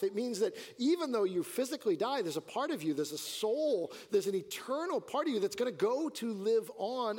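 Male pastor, mid-high voice, earnest sermon delivery with swelling and hushed emphasis, reverberant sanctuary. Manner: earnest preaching, rising and dropping emphasis. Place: church sanctuary. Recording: church hall reverb.

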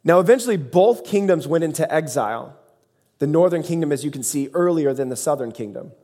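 A man's voice: on the high side, expressive, fairly quick, mellow. Man preaching a conversational sermon. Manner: conversational, storytelling with dad jokes. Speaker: pastor.

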